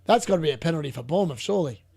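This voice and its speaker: A young man commentating live on football matches for a fantasy football stream, chatting along and bursting into shouts at near misses. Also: on the high side, expressive, rapid-fire, creaky, husky. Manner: chatty, muttering asides between reactions.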